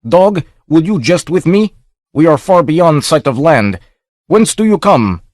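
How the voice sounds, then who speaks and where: A man's voice: medium pitch, expressive, normal speed, a little mellow, dry recording, clean studio sound, voice pushed up, natural voice. A man voicing a grim, suspicious ship captain who demands answers harshly. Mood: hostile.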